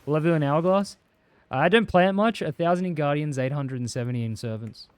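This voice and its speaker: A man's voice: fairly high pitch, fairly quick, darkish tone, smooth, no room sound. A young Australian man chatting casually and rambling while he streams a game, swearing freely and answering chat. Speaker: livestreamer.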